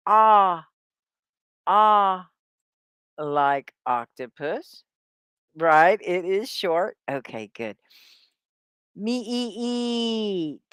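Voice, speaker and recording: A woman runs a live-streamed English lesson, and her voice rises and falls in wide, lively swoops. She talks slowly, drawing out sounds to model them, and drops chatty asides to her viewers. The sound is dry and close, as if she is at a desk with a webcam. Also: low-pitched, clean tone, no echo. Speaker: ESL teacher.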